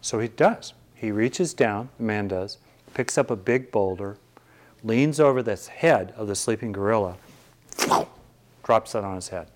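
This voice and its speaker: A man's voice: fairly low pitch, measured pace. A man who teaches meditation, giving a thoughtful talk to an audience and searching for his words as he goes.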